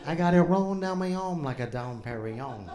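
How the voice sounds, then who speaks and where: A stand-up comedian from New England, working the room with an animated, jokey delivery. His voice sits fairly high and swings up and down a lot. The crowd laughs around him in a live club. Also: a little fast.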